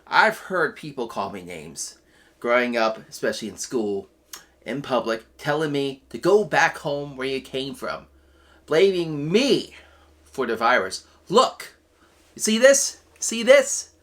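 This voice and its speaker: An earnest man hosts a web show's news segment with impassioned commentary. He talks slowly and deliberately. His pitch rises and falls a lot, and he breaks into loud, emphatic outbursts. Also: lively intonation. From United States. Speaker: host of a weekly web show news segment.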